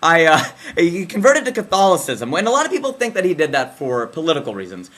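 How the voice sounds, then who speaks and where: A young man doing a casual, slangy comic commentary monologue, jumping between excited bursts and low deadpan asides. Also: quick pace. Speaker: comedian. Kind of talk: comedic political commentary monologue.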